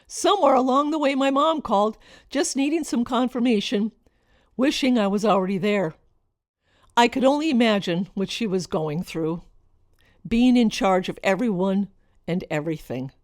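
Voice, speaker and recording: Middle-aged woman, from Minnesota, mid-pitched voice, reflective memoir storyteller, dry booth sound. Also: dry recording. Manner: reflective, expressive, lingering over list words. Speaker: author narrating her own story. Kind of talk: personal storytelling narration.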